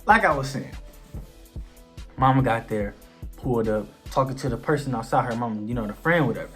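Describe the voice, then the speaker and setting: A young man telling a personal story on his vlog in casual slang. He is animated and acts out the dialogue. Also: medium pitch, a little fast, soft background music. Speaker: vlogger.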